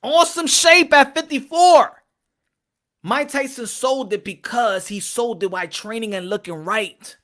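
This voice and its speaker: A man from Texas hosting a casual boxing opinion vlog, talking in an animated, repetitive, profane way. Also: very high-pitched, unhurried. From Texas, USA. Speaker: boxing commentator and host.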